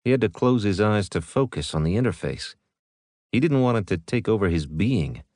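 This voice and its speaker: A man with a lowish voice reads scripted audiobook narration at a moderate pace in a steady storytelling style. The recording is studio quality with no echo.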